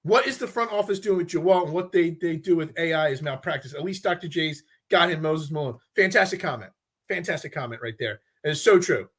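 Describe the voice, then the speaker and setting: A man's voice: a little high, brisk, hardly any pauses. A man hosting a casual live sports talk show, rambling and frustrated, often stumbling and restarting his sentences.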